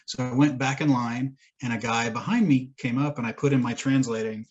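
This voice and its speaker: A man chats on a podcast with a husky, middle-pitched voice. He tells a long rambling story, swears freely and laughs often as he goes. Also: a little fast, few pauses, highs cut off. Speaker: podcast co-host. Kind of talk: casual chat.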